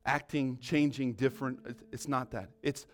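A man preaching a sermon with fervor, often checking in with "right?", moving between loud exhortation and quiet prayer. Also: medium pitch, fairly even intonation, normal speed. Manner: peppers talk with "right?".

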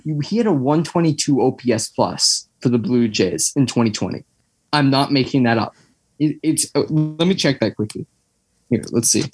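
A man's voice: medium pitch, lively intonation, normal speed, slightly rough. A young man, chatting casually as a podcast co-host, rambling with lots of fillers and tangents. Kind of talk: casual chat.

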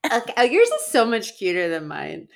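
A woman's voice: mid-range voice, huge pitch swings, fairly quick, gravelly. A woman co-hosting a comedy podcast, her voice set in an ordinary middle register. She chats casually and easily, laughing often and scattering "like" through her sentences. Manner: chatty, laughs often, leans on "like". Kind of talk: casual chat.

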